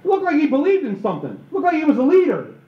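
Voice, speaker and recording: Animated joking man from Michigan. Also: very high voice, rapid-fire. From Michigan, USA. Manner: animated, joking, acts out voices and asides. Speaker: speaker at a book tour event. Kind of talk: comic political talk to a live audience. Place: auditorium with an audience. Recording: echoey hall, slightly dull live recording.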